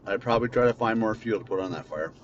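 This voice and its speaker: A low-voiced man rants bitterly and swears freely in an unscripted monologue. He records from inside his car. The sound is dull and lo-fi, with a faint hiss underneath. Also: quick pace. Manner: bitter, venting ranting with profanity. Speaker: podcast host. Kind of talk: unscripted monologue while driving.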